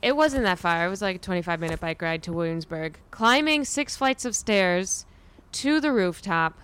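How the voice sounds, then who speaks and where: A young woman in casual conversation with a smooth, resonant voice sitting a bit low. She rambles through her stories, swears freely and laughs along as she goes. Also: expressive, normal speed, fairly bright tone. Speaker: comedian and podcast host. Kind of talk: casual chat.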